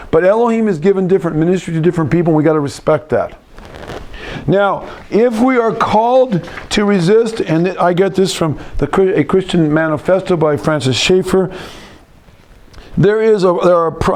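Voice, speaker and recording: A middle-aged man preaches in a loose, conversational way, often restarting his sentences and wandering into asides. His voice sits a little higher than most men's. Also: darkish tone. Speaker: pastor. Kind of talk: sermon.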